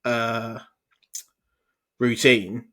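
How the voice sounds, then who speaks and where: A man in casual podcast chat who gives relaxed, sweary advice. His voice stays flat and even, with little rise or fall. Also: mid-range voice, extremely slow. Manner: laid-back, sweary advice-giving. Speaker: podcast co-host.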